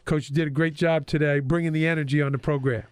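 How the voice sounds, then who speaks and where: A man hosts a casual interview podcast, his voice sitting a little higher than most men's. He talks in a friendly way with plenty of uh fillers, recorded dry and close with no room sound. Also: steady tone, quick pace, clean tone, no room sound. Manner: friendly, filler-heavy with frequent uh. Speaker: podcast host and school principal.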